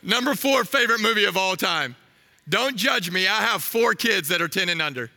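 A man in his thirties preaching a sermon, telling a story with animated energy and asking the crowd questions. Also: high-pitched, normal speed, in a large hall.

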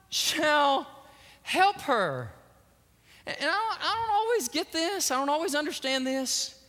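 A man preaching a sermon in an animated, emphatic way, often repeating words for stress. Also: very high voice. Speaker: pastor. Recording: long hall reverb.

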